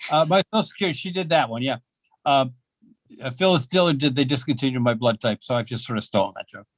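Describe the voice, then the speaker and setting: An older man doing a self-mocking stand-up set at an open mic, with deadpan delivery and halting fillers. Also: mid-range voice, dry recording. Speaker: stand-up comedian. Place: small comedy club.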